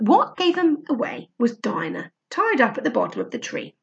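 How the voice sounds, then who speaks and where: A woman reading a children's story aloud in a steady, expressive way. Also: fairly high pitch, normal speed, vocal fry, few pauses, muffled recording. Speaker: narrator.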